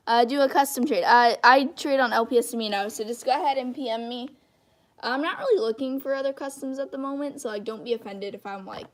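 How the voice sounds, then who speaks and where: A woman's voice: fairly high pitch, normal speed. A woman hosting a casual livestream, rambling and thinking aloud while she draws, with many restarts. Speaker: channel host.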